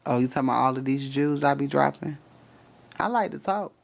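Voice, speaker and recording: A man's voice: mid-range voice, fairly quick, gravelly. A man giving spiritual readings on a casual live stream, cursing freely, laughing often and talking straight to his chat.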